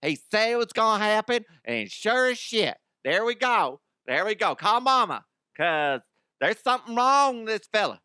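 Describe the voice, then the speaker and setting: A man voicing a rambling, excitable country man in a put-on American Southern accent. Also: high-pitched, normal speed, clear, resonant tone, no room sound, studio quality, voice pushed up, heavily acted. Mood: excited. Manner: folksy, rising and excited.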